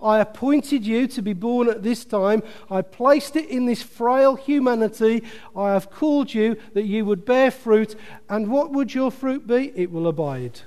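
A man preaching in a high voice that rings through a reverberant hall. He talks with lively emphasis and throws in joking asides to his congregation. The long echo trails after each phrase. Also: unhurried. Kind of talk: sermon.

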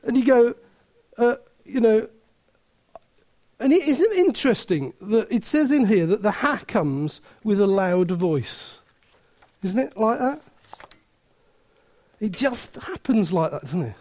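A man preaching a sermon, telling a story with many restarts and laughter, then turning quieter and earnest. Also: sits high, very animated, slow, pauses often. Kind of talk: sermon with anecdote.

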